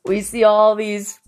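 Slow-talking laughing woman from Colorado. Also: a little high, husky. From Colorado, USA. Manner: laughs often between lines, swears freely, mischievous. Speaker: storyteller recalling her youth. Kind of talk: casual personal anecdote.

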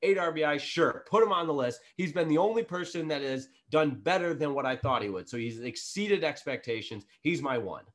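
Guy co-hosting a sports podcast, gets worked up and loud fast, highish voice. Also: lively intonation. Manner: gets fired up and loud, then reins it in. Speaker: podcast co-host. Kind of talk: casual sports talk.

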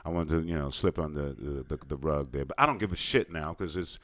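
A man hosting a casual podcast interview, a DJ who asks animated questions in profane hip-hop slang. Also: a bass voice, brisk, no echo. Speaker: podcast host and DJ.

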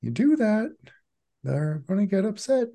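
A man voicing Sun, a calm, formal and quietly ominous male spirit in a tabletop game, with a measured, courteous manner. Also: high voice, vocal fry, voice pushed up, heavily acted. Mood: darkening warning.

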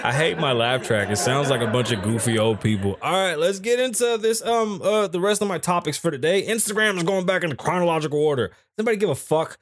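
A man's voice: on the high side, fast, hardly any pauses, dry recording. A man hosting a live podcast in a small studio, chatting casually into a microphone, joking, swearing and rambling from topic to topic. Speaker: podcast host. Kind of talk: casual live show chat.

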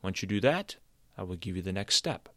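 A man's voice: sits low, very animated, a little fast, sharp tone, no room sound, studio quality, heavily acted. A man voicing an old male wizard cursed into a tree stump, firm and insistent as he explains. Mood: commanding.

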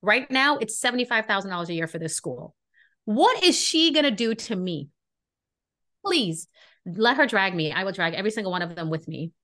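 Woman from brooklyn ranting through a story, animated, acts out all the voices. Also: medium pitch, moderate pace. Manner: animated, indignant, acts out dialogue. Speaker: podcast co-host. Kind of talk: casual storytelling chat.

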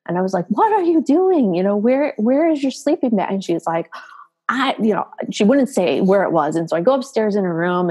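A woman's voice: a little mellow, rough recording. A middle-aged woman, a mother, recounting a personal story as an interview guest, tearful and emotional, raising her voice to act out quoted dialogue. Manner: emotional, acts out quoted dialogue with raised pitch.

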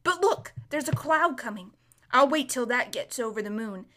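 A proud talking warhorse from a storybook, as a woman reads him, gruff yet fretful. He drops into urgent hushes and sits a little high for a stallion. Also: expressive, moderate pace.

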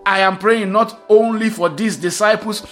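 High-voiced man preaching a sermon. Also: fairly even intonation, normal speed, fairly bright tone, faint music behind. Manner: emphatic, repeats key phrases, reads scripture aloud.

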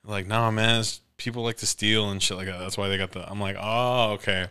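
A man co-hosting a podcast, telling a story in casual chat, animated and profane, acting out the people he quotes. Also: fairly low pitch, a little fast, clean tone. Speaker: podcast co-host.

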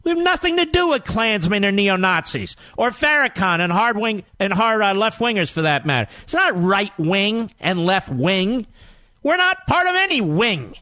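Combative high-pitched talk radio host man. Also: sing-song, pushed and bright, dry recording. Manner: combative, rapid-fire rhetorical questions; emphatic, rallying. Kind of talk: political talk radio monologue.

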